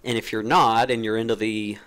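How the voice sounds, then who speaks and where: A man's voice: lowish voice, level tone, a little fast, fairly bright tone, clean tone. A man hosting his own channel, musing in a loose, informal essay with lots of fillers and restarts, still getting over being sick. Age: adult, played since teenage years through college. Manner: rambling, with many fillers and restarts. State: recovering from being sick, clearing throat. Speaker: channel host.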